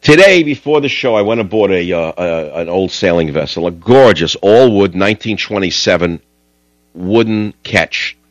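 A man's voice: sits low, animated, normal speed, no room sound, muffled recording. A man hosting a talk radio show, rambling and combative in a studio.

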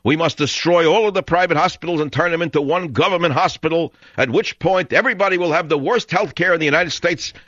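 Brief: pompous speechifying president, raised and declaiming, as a radio host puts him on, dull lo-fi sound. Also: male voice, a little high, fast, hardly any pauses, fairly bright tone, no echo, voice pushed up. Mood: mock grandiose. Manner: grandiose, mocking, declaiming. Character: mock pompous male president giving a speech.

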